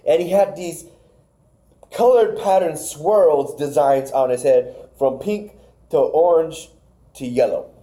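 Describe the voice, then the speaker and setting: A man's voice: fairly high pitch, slow, dark tone. A man co-hosting a podcast, casually recapping wrestling matches, rambling and stumbling over names. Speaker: podcast co-host.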